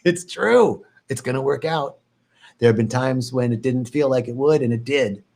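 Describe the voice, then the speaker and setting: Man, meditation teacher on a live stream, calm and reflective, repeats phrases, playful bursts of mock worry. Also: medium pitch, unhurried, vocal fry.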